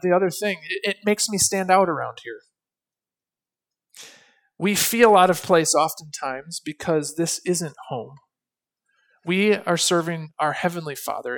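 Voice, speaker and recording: A man preaching a sermon in an earnest, measured way, slowing down to stress key phrases. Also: high-pitched, a bit bright. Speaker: pastor.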